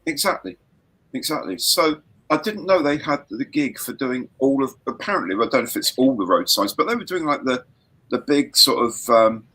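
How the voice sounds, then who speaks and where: A man from Britain talks through a casual chat as co-host. His voice is a little husky and breathy. He rambles with fillers and sentences that trail off. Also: medium pitch, expressive, moderate pace, bright, forceful tone.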